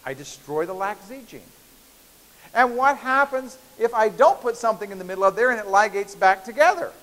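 A man's voice: sits high, expressive, fairly quick, a bit bright. A man lecturing a university biochemistry class in a playful, chatty way, often checking in with the students. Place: large lecture hall. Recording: hissy lecture-hall recording with long reverb.

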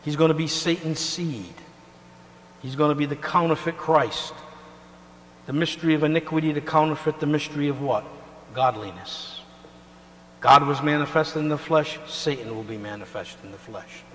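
A male pastor preaching a sermon, emphatic and swinging between loud and quiet, often pausing to ask the congregation to finish his sentences. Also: fairly high pitch. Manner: call-and-response questions to the congregation. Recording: reverberant hall with mains hum.

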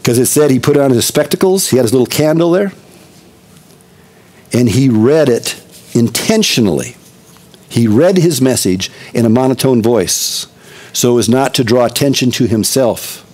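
A man's voice: medium pitch, animated, moderate pace, a little mellow. A middle-aged male pastor preaching a conversational expository sermon, with emphatic repetition.

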